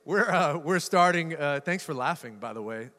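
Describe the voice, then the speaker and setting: A man's voice: on the high side, expressive, normal speed, sharp tone. A male pastor preaching a sermon to a live audience, conversational and jokey, often repeating words. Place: church hall with live audience. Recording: reverberant church hall.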